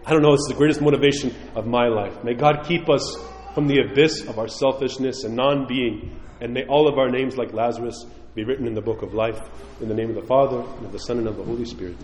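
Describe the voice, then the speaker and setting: A man preaching a sermon as a priest, telling a story earnestly and dropping to hushed closing phrases. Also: medium pitch, fairly even intonation, quick pace, a little hiss or hum. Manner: earnest storytelling with rising emphasis and hushed endings. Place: church. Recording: echoey church hall.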